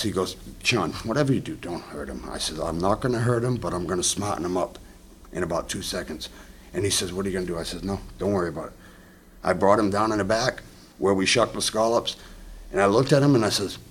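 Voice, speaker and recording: Blunt low-voiced fisherman. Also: quick pace, slightly rough. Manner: blunt, emphatic, acts out dialogue. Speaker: scalloper. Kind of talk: storytelling interview.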